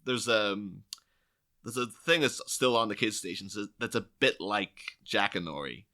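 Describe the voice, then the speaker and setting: A man co-hosting a casual podcast chat, animated and laughing as he acts out quotes in silly voices. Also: fairly low pitch, a little slow. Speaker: podcast co-host.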